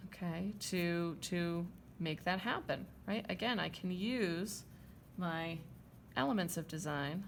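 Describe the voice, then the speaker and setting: Art teacher lady, kinda gravelly low-ish voice, keeps saying okay? right? while she sketches, faint room hum. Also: slow pace. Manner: chatty, checks in with "okay?" and "right?". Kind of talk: drawing demonstration lesson.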